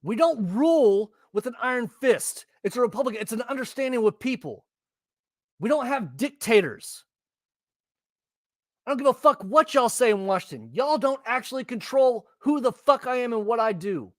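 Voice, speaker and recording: A man's voice: very high voice, lively intonation, moderate pace, no room sound. A man ranting bluntly and profanely while reacting to the news in casual commentary. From Texas. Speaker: political commentary host.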